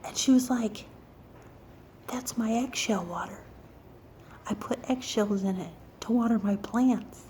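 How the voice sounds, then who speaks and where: A woman telling a story casually, acting out other people's lines in an animated and self-mocking way. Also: on the high side, measured pace, long pauses, slight background noise.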